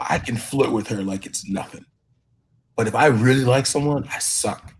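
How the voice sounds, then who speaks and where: A man on a live talk panel, telling animated, rambling stories in casual chat. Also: medium pitch, moderate pace, slightly rough. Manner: rambling, animated storytelling with many fillers.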